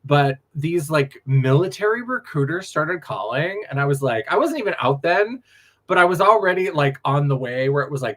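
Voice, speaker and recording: A man's voice: a little high, lively intonation, normal speed, fairly bright tone. A man from North Dakota, a drag performer telling stories in a sassy, laughing late-night chat.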